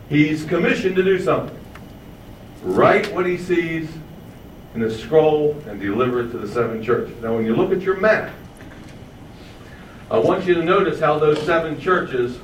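A man preaching a teaching sermon, stretching out key phrases and throwing questions to the congregation. His fairly high voice sounds distant and echoey, with a faint room hum behind it. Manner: asks the audience questions, stretches key words slowly for emphasis. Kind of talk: sermon, verse-by-verse Bible teaching.

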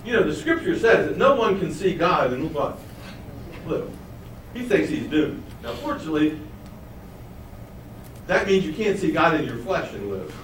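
Teaching a Bible study, a man keeps posing questions to his listeners and then answering them himself. His voice sits a little high for a man and is a bit bright, with big pitch swings, normal speed and frequent pauses. He is recorded from a distance in an echoey room with faint background noise.

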